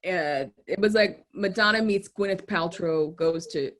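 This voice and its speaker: A woman with a somewhat low voice chats casually as a podcast co-host. She talks bluntly, swears freely and throws in laughing asides. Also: unhurried, a bit bright. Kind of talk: casual chat about a TV show.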